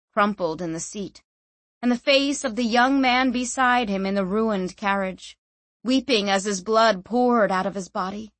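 Female audiobook narrator, steady even read, dry close studio sound. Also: a little high, no room sound. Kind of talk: scripted fantasy audiobook narration.

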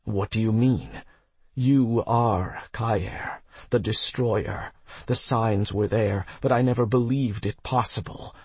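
Weak, strained dying elf woman, as a male narrator puts her on, low husky voice. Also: fairly even intonation, slow, darkish tone, no room sound. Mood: pained. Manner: whispering, strained. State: in pain, weak. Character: dying feverish elven woman.

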